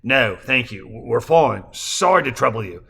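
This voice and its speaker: A man reading a novel aloud, voicing a rattled, anxious husband in a low, hushed, weary voice. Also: lively intonation, normal speed, vocal fry, husky, exaggerated voice.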